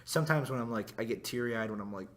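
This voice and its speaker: A teenage young man co-hosting a casual chat, talking in halting, hesitant bits with self-mocking laughs. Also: medium pitch, fairly bright tone. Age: teens. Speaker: co-host.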